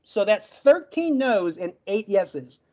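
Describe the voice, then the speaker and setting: A man giving a debate closing argument in a rapid, list-like way, with a stutter that makes him get stuck on words. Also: high voice, sing-song, a little mellow, lo-fi sound. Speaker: debate participant.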